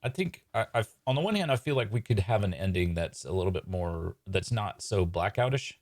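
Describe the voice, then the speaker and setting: Brief: man hosting a live sketch-writing stream, casual and hesitant, lively intonation, dry close sound. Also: lowish voice, fairly quick, no echo. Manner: casual, hesitant, lots of fillers.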